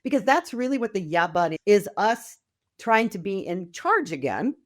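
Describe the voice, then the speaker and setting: A woman's voice: medium pitch, sing-song, normal speed. A middle-aged woman speaking as a podcast guest, talking casually and with enthusiasm, often acting out quoted voices. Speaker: podcast guest, wealth mentor. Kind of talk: casual conversational interview.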